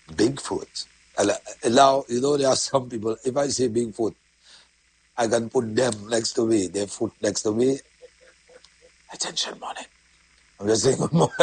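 Husky morning host. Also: male voice, fairly low pitch, low-quality recording. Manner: chatty, laughs often, greets listeners by name. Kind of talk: casual live morning chat with sponsor shout-outs.

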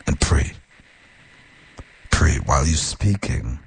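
Male radio host, very low and deeply husky, animated storyteller with an earnest, exhorting manner. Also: moderate pace. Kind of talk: casual on-air storytelling and advice.

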